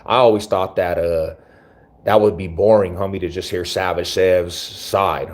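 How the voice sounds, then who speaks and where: A man's voice: low voice, steady tone, a little slow. A man hosting his own channel, talking casually to camera in slangy, rambling speech with many restarts. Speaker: YouTube channel host.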